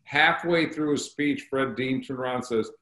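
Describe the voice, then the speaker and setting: A man's voice: mid-range voice, moderate pace, bright, forceful tone, reverberant, low-quality recording. A man hosting a podcast interview, talking enthusiastically about history and honoring guests. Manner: enthusiastic, promotional. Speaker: podcast host. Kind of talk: interview chat.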